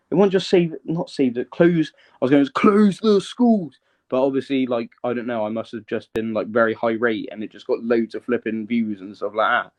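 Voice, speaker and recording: A mid-range male voice belongs to a guest in a casual live-stream interview. He tells his story in a rambling, hesitant way and keeps checking that the listener is following along.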